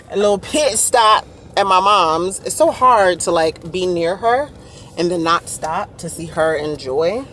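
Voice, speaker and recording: A woman's voice: on the low side, animated, measured pace, a bit bright, slight background noise. A woman, chatting casually to viewers in her vlog. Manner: chatty, addresses viewers as y'all. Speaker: vlogger.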